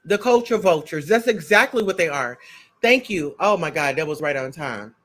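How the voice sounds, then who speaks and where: A man hosting a casual live stream, reading the chat and talking straight to his viewers in a loud, sassy way, eating and sipping as he goes. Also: fairly high pitch, lively intonation, normal speed. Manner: eats and sips while talking. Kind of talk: casual livestream commentary.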